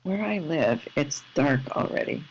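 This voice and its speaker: A soft-spoken host reading scripture aloud and commenting informally from home, in a slightly dull lo-fi recording. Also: mid-range voice, lively intonation, slight background noise. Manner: slow, soft-spoken and unhurried, with gentle asides. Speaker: host of an online scripture class. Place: at home in the evening.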